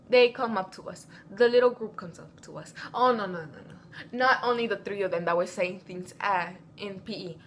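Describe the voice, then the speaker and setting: A woman's voice: a little high, slight background noise. A teenage girl telling a school drama story as a casual vlog, acting out what everyone said. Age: teens. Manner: animated, reenacting quotes. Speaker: vlogger.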